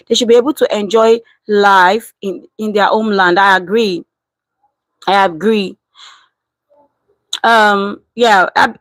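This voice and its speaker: A woman's voice: a little high, no echo, low-quality recording. A woman in her thirties from Nigeria, with a Nigerian accent, chatting casually on a live stream, reading out comments and slipping into Pidgin. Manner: animated, switches into Nigerian Pidgin.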